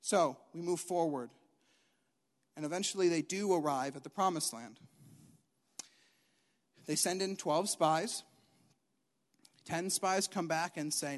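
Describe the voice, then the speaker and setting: Young male preacher, high voice, emphatic and repetitive delivery, hall reverb. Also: measured pace, pauses often. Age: young adult. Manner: animated, emphatic, repeats key lines. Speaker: youth preacher. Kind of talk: sermon.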